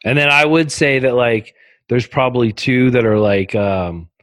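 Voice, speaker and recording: A man's voice: mid-range voice, normal speed, fairly bright tone, no echo. A man chatting as a podcast guest, telling rambling, darkly humorous stories full of fillers and restarts. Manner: rambling storytelling with frequent fillers. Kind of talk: casual podcast conversation.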